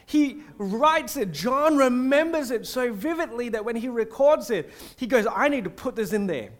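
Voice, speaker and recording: High-pitched male preacher, animated, chatty sermon delivery. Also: moderate pace. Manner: animated, acts out prayers and quotes with shifting voice; conversational with fillers and restarts.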